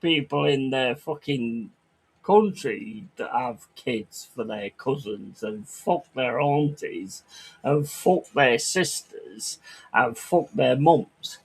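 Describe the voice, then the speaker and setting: A man's voice: medium pitch, expressive, takes it slowly, vocal fry, slightly rough. A man chatting on a livestream, reading chat aloud and ranting crudely with lots of swearing.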